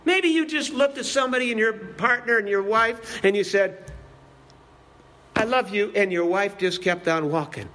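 Male pastor, very high pitch, impassioned sermon delivery in church, repetitive emphatic cadence. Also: moderate pace, a bit bright. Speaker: preacher. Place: church building.

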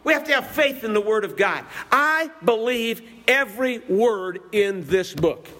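In a church building, a male preacher with a strikingly high, bright voice gives a forceful, impassioned sermon. He is animated but a little slow, driving points home through repetition and a rolling preaching cadence.

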